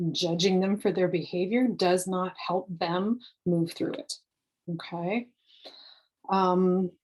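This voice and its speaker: A woman giving calm, reassuring parenting advice straight to camera, explaining step by step and checking in with "okay". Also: mid-range voice, low-quality recording. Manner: often says "okay" and "um". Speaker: parenting coach.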